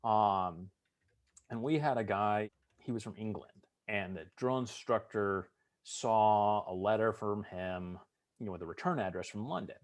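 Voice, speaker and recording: A middle-aged man with a fairly low voice tells his stories in a relaxed interview. He is good-humored and likes to act out the voices of the people in them. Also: unhurried. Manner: humorous storyteller, acts out drill instructor voices. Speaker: veteran interviewee. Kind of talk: storytelling interview.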